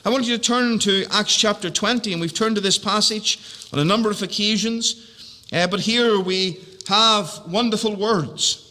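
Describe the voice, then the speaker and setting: High, bright preacher in an echoey hall. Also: male voice. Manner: slow, deliberate preaching with repeated phrases. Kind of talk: sermon.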